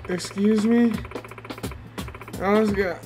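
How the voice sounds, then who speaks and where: A man's voice: high voice, slow pace. A man streaming a video game live, cheering and yelping at the action as he plays. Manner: excitable, yelps and cheers at the action. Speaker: let's player streaming a game. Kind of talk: live gameplay commentary. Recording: game music loud under voice. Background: game music playing.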